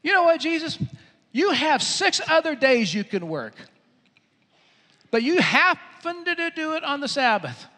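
A man's voice: extremely high pitch, sing-song, measured pace, pushed and bright, pitched above the performer's own voice, exaggerated voice. A man voicing indignant religious leaders scolding someone, as part of a sermon. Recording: echoey hall.

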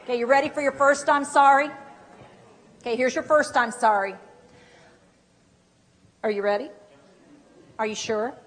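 A woman with a high voice running a live caregiver workshop, talking straight to the room and checking if everyone is ready. Her voice carries through a reverberant training hall. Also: fast, long pauses. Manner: lively, direct, coaching the audience with questions. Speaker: dementia care trainer. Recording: echoey hall.

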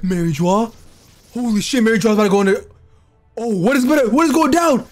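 A man hosting an anime reaction channel, giving live reaction commentary in excitable outbursts full of swearing and shouting. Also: very high-pitched, a little fast, music in the background. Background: faint anime soundtrack playing.

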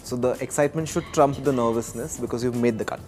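A man's voice: mid-range voice, quick pace, music in the background. A man judging contestants on a reality show, friendly and encouraging. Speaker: judge.

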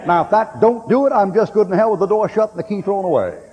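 A man preaching a fiery sermon in a folksy, blunt and joking way, with sudden shouts. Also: sits high, lively intonation, fast talker. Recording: dull old recording with long hall echo and faint hiss.

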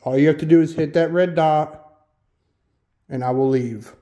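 A man with a slightly high voice hosts a solo ghost-hunting vlog. He talks casually and keeps putting questions to the spirits. The sound rings around an old schoolhouse room. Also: fairly even intonation, normal speed, warm tone. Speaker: solo ghost hunter host. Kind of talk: paranormal investigation vlog. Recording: echoey room.

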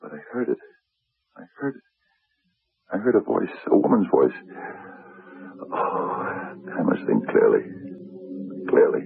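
A man's voice: sits low, sing-song, unhurried, gravelly, long pauses, slightly rough, full character voice. An actor playing a frightened, bewildered middle-aged man who stammers and mutters to himself in a 1970s radio drama. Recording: tinny old radio broadcast.

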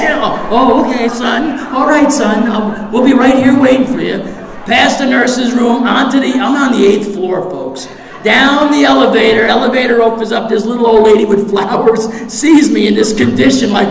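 A man sharing his recovery story at a meeting, animated and acting out the voices of others, sometimes shouting for effect. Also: high voice, moderate pace. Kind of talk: recovery share to a live audience. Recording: echoey hall recording with audience.

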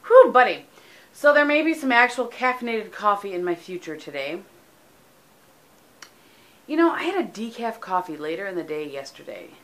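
A woman's voice: mid-range voice, very animated, moderate pace, pauses often, a bit bright. A middle-aged woman from the United States, chatting casually in a home vlog with lots of ums, tired and sleepy, recorded on a camera mic. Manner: chatty, rambling, frequent ums. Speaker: vlogger.

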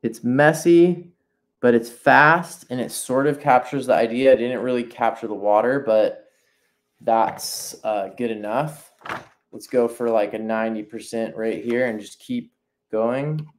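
A man's voice: mid-range voice, steady tone, a little slow, a little mellow. A man teaching nature journaling in a casual live demonstration, thinking aloud as he paints, breaking off and restarting sentences while encouraging viewers to sketch along.

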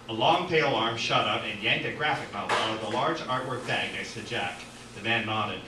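Animated man reading his own novel aloud. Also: fairly low pitch, normal speed, hardly any pauses, noisy background. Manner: animated, with asides and self-corrections. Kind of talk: dramatic reading at an open mic. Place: art gallery. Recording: echoey gallery from far off.

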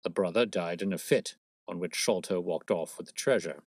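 A man voicing a stout, blustering police detective with a husky, wheezing voice and a pompous manner, read as a storybook. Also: sits low, normal speed, no echo, clean studio sound. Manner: pompous, brash, self-satisfied. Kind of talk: storybook reading.

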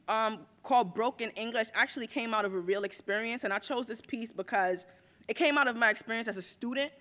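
A woman's voice: medium pitch, bright, forceful tone. A woman spoken word poet performing live on a stage at a university event, with a rhythmic, rhyming delivery.

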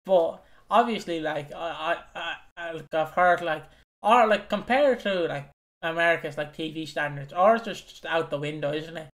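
A young man with an Irish accent chats loosely as a podcast co-host, his voice sitting a touch high for a man. He rambles, swears freely and breaks into giggles between his points. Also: moderate pace, fairly bright tone. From Ireland. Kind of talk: casual chat.

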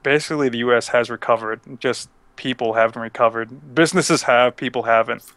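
A man co-hosting a casual talk show, relaxed and filling his talk with "like". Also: medium pitch, fairly quick, no room sound. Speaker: podcast co-host. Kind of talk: casual chat.

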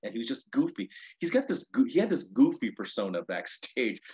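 A man's voice: medium pitch, big pitch swings, brisk, darkish tone, breathy edge, muffled recording. A male stand-up comedian recounting his career in a rambling, casual way, full of restarts and 'you know'. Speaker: stand-up comedian, interview guest. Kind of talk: casual storytelling.

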